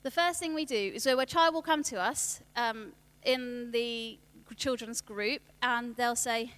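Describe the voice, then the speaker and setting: A woman, giving a workshop talk on children's ministry in a chatty way, with quick asides and restarts. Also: on the high side, fairly bright tone.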